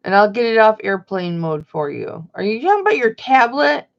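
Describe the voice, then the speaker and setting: A woman's voice: mid-range voice, sing-song, normal speed, creaky. A middle-aged woman, hosting a casual livestream chat and reading viewer comments aloud. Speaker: livestream host. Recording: dull lo-fi sound.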